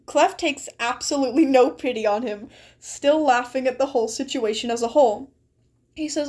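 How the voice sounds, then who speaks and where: Giggly high-voiced young woman streamer. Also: normal speed, a little mellow. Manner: giggly, rambling, reads story text aloud to chat. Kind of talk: casual live-stream chat while gaming and reading aloud.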